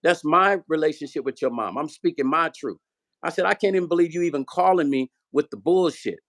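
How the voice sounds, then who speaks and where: Slightly quick and on the high side, a man who makes music and hosts his own vlog launches into an extended story. He animates the quoted lines, swears freely, and keeps it all conversational.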